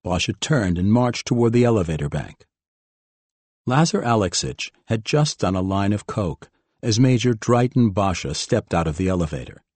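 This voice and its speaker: A man narrating a thriller audiobook in an even, measured way. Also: on the low side, dry recording. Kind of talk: scripted narration.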